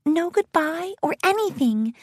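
A woman doing a timid, soft-spoken pony girl. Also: very high voice, lively intonation, a little slow, dry recording, studio quality, pitched above the performer's own voice. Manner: soft, near-whispered. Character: timid, gentle female pony.

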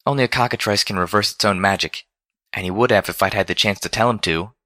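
A man voicing a timid, gentle female pony who speaks meekly and stammers when upset. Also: fairly low pitch, fast talker, no room sound, studio quality. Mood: fretful, meek. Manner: meek, faltering, stammering.

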